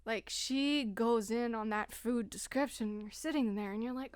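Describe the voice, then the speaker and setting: A woman co-hosting a book podcast in casual chat, animated, laughing and swearing freely. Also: on the high side, moderate pace, smooth, no room sound. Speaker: podcast co-host.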